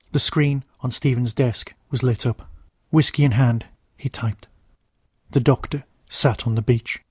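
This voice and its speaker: A man, the host of a podcast, narrating a short story in a measured, steady reading. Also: medium pitch, husky, no room sound, studio quality.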